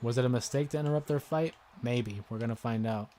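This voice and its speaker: Excitable man commenting on a live stream. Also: mid-range voice, brisk. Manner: chatty, excitable, yells at the game. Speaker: gaming livestream host. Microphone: desk microphone with headphones listeners.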